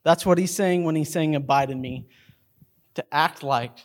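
A middle-aged male pastor, preaching a sermon to his congregation and telling stories, acting out characters along the way. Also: moderate pace. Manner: storytelling, acts out movie characters in a high voice. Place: church sanctuary.

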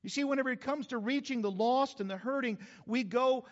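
Pastor preaching in a reverberant church. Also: male voice, very high voice, brisk. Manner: animated preaching with asides and acted-out quotes. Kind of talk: sermon. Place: church sanctuary. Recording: dull sound with long hall reverb.

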